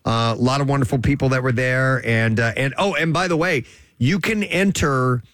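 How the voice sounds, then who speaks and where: A man's voice: medium pitch, normal speed, fairly bright tone, no room sound. A man hosting a radio show in casual studio chat, telling stories in a rambling, easygoing way with plenty of fillers.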